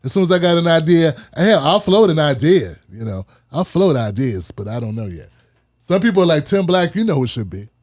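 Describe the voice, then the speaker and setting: Male host, higher register, casual heated commentary, repeats lines for punch. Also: a little fast. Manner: animated, preachy, repeats phrases for emphasis.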